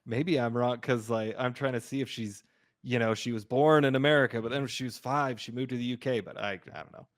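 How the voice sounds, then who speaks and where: A man's voice: medium pitch, fairly even intonation. Easygoing man chatting about a film. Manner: easygoing, agreeable, quick to laugh. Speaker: podcast co-host. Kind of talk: casual film review chat.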